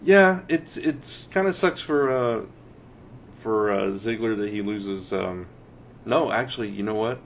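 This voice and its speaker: A young man from Texas co-hosting a wrestling podcast, chatting casually with a relaxed, easy laugh. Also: fairly low pitch, measured pace, highs cut off, a little hiss or hum. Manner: relaxed, laughs easily, hedging restarts. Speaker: podcast co-host.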